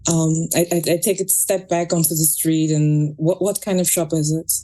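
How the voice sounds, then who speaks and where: Brief: woman player in character, casual and hesitant, lower pitch, mellow tone. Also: fairly even intonation, moderate pace. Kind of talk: in-character tabletop role-play.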